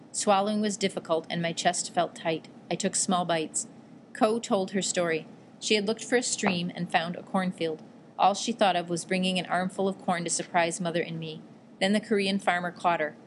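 Woman audiobook narrator, lower voice, steady scripted read, faint background noise. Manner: steady, even storytelling read.

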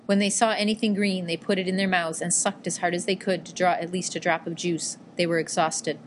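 Low-voiced woman narrating an audiobook. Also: level tone, a little fast, slight background noise.

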